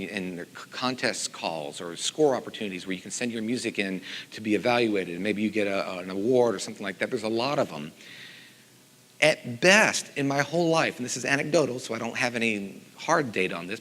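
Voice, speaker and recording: A middle-aged man, a composer and teacher, giving a conference talk with animated storytelling and lively voiced quotes. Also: medium pitch. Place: conference hall. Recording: long hall reverb.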